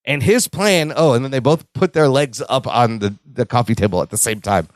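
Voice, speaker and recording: A man's voice: mid-range voice, brisk, no echo. A man co-hosting a podcast, animatedly retelling a sitcom episode in casual chat and laughing often. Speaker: podcast co-host.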